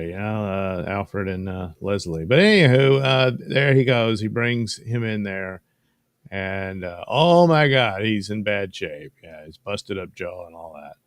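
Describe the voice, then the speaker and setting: A man's voice: on the low side, no echo. A man casually recapping a comic book with rambling, folksy, wry asides as host of his own show.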